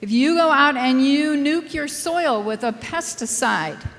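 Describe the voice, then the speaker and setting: A woman's voice: high-pitched, lively intonation, a little slow, fairly bright tone, big-room sound. A woman from Minnesota with a Scandinavian-tinged Minnesota accent, giving an emphatic, wry conference lecture full of rhetorical questions. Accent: Minnesota with a Scandinavian lilt. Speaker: soil scientist giving a lecture.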